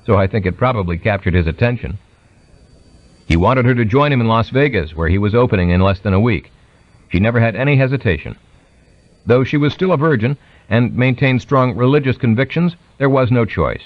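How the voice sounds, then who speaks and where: A man reading a biography aloud as an audiobook narrator, raising his pitch for quoted speech. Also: lively intonation, fairly quick, dry recording, lo-fi sound. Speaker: audiobook reader.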